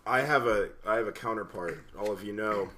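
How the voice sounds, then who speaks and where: A young man co-hosting a podcast, deadpan and low-key in casual chat. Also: fairly quick, slight background noise. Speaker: podcast co-host.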